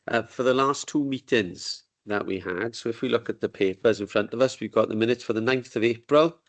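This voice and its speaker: Heard through a desk microphone in a meeting room, a man with a medium-pitched voice runs a council committee meeting. His manner is informal and joking.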